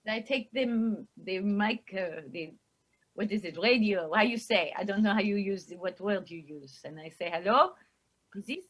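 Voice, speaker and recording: A woman playing a young foreign woman, halting and searching for words. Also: mid-range voice, husky, natural voice.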